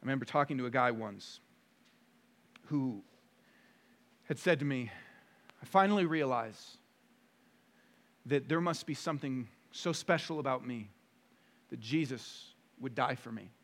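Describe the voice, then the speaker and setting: A man preaching a sermon as pastor, emphatic and full of rhetorical questions, moving between quiet stretches and loud bursts. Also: medium pitch, expressive, measured pace, long pauses.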